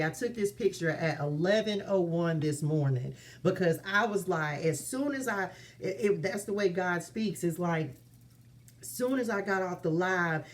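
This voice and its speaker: Chatty, emphatic woman vlogging at home. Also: on the low side. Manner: chatty and emphatic, addresses viewers as y'all, repeats phrases. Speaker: spiritual reader and vlogger. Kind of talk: casual spiritual vlog talk. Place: her apartment, indoors.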